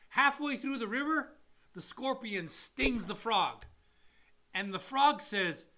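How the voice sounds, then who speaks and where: A man who is a loan officer and co-host, giving casual mortgage advice and acting out people in quick quoted voices. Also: sits high, expressive, pushed and bright. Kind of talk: casual live-stream advice talk.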